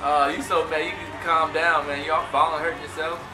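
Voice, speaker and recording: Hype guy w/ doing sports reactions, kinda high voice, echoey room w/ music behind. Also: a little fast. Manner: excited, laughing, talks back to the players on screen. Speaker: sports reaction video host. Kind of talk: casual reaction commentary.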